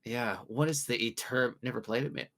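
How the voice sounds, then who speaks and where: A man from the UK runs a light-hearted podcast quiz. His voice sits at an ordinary middle pitch, and he reads out each option slowly with playful pauses. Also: fairly even intonation, gravelly, fairly bright tone. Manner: jokey, reads questions with drawn-out pauses. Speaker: quiz host. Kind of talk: casual podcast quiz hosting.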